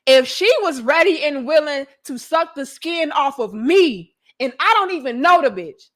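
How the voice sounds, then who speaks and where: A woman's voice: sits high, lively intonation, moderate pace, fairly bright tone. A woman putting on the voice of a crude, boastful young man who talks in a profane, incredulous way.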